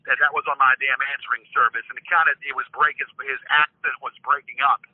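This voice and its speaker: A man's voice: mid-range voice, fairly even intonation, fast, breathy edge, no echo. An older man on a phone call, profane and suspicious, stammering as he vows to find out who is pranking him. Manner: suspicious and defiant, rising in anger. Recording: dry tinny phone line.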